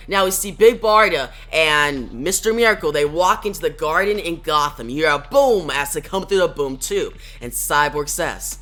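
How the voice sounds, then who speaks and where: Bright-voiced man recapping a comic. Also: a little high, animated, normal speed, hardly any pauses, faint music behind. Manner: plain play-by-play retelling. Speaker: comic reviewer. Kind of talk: recounting a comic issue.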